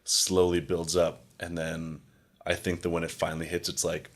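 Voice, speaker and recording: A young man with a very low, deep voice chats loosely on a podcast, piling on filler words and replaying his own conversations. His talk is relaxed, open and meandering. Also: moderate pace. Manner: rambling, frequent "like" fillers, acts out quoted exchanges. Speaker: podcast host. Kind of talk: casual conversation.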